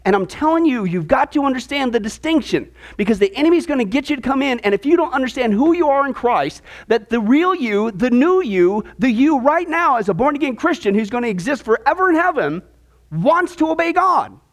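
A man's voice: extremely high pitch, big pitch swings, fairly quick. A man teaching a discipleship class on the Bible, talking emphatically and checking in often with "okay?".

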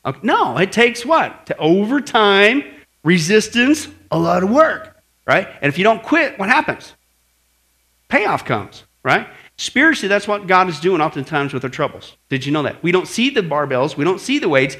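A man's voice: high voice, moderate pace. A middle-aged man preaching a sermon on apologetics. He tells stories animatedly and keeps asking the listeners "right?". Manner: animated storytelling with acted shouts and asides. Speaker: pastor teaching apologetics.

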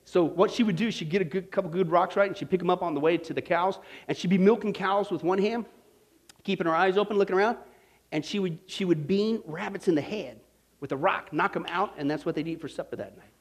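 A man from Kansas preaching a storytelling sermon to a live audience. He is animated and folksy, laughs at his own stories, and keeps checking in with the crowd. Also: high-pitched, fast, slightly rough. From Kansas, United States. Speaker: preacher teaching a Bible study.

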